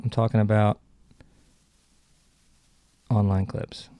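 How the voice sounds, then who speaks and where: A man's voice: fairly low pitch, flat delivery, slow pace, mellow, dry recording. A man hosting a podcast, chatting casually and rambling with many restarts. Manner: rambling, self-correcting. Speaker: podcast host. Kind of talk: casual solo chat.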